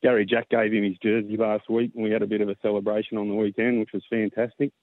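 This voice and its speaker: An Australian man calling in to a radio show, chatting casually and warmly, sometimes getting emotional. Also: lowish voice, little pitch movement, quick pace, dry recording. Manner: heartfelt, gets emotional. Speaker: caller. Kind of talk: casual phone-in chat. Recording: tinny phone line.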